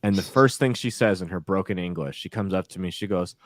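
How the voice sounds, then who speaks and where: A man co-hosting a casual podcast, telling animated, profane stories full of restarts. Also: low-pitched, fairly quick, dry recording, clean studio sound. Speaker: podcast co-host.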